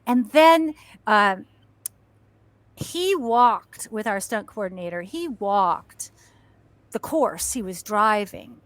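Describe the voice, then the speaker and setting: A woman, a guest actress and stuntwoman, telling animated stories and acting out shouts and screams with frequent laughter. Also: medium pitch, takes it slowly, long pauses, no room sound. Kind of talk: animated storytelling.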